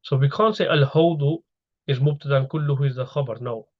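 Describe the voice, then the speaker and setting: A man's voice: mid-range voice, fast talker, muffled recording. A man teaching an online grammar lesson over slides, explaining step by step and asking his students questions.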